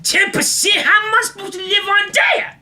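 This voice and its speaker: A podcast host voicing an erratic man on a bus who cries out and rants at people who are not there, in a loud, cracking shout. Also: very high voice, fairly even intonation, moderate pace, pitched above the performer's own voice, full character voice. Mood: ranting. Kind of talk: comic retelling of an anecdote.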